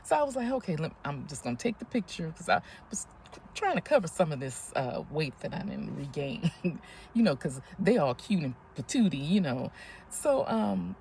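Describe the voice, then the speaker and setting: A woman in her fifties telling a story in a casual, animated vlog, often breathless and laughing as she talks. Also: lowish voice, moderate pace, vocal fry, slight background noise. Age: 50s. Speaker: vlogger.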